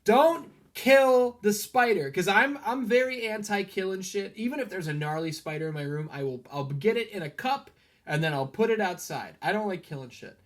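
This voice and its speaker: Animated man telling stories. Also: fairly high pitch, brisk. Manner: animated storytelling, laughs often. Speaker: podcast co-host. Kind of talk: casual movie review chat.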